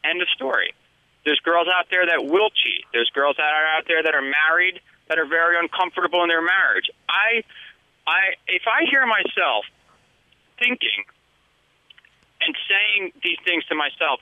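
A man talking casually as a dating coach, blunt and profane, with a quick laugh. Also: on the high side, lively intonation, dry recording. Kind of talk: casual chat. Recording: dull lo-fi sound.

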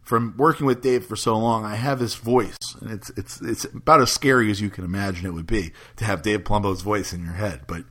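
A man's voice: fairly low pitch, fairly even intonation, a little fast, few pauses, fairly bright tone. A man chatting casually as a podcast host, telling a rambling story with many restarts and frequent laughs. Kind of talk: casual chat.

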